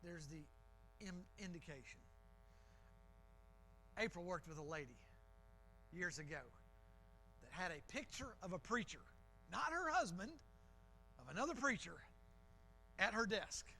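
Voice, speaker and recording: A man's voice: high voice, animated, unhurried, pauses often, bright, forceful tone, slight background noise, poor audio. A man preaching a sermon in a church, talking in a conversational, emphatic way with frequent restarts. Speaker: pastor.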